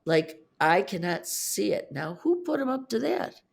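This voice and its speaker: A woman in her fifties telling the story of her divorce on a podcast, animated, her voice climbing high when she is upset. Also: measured pace, gravelly. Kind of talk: emotional personal storytelling.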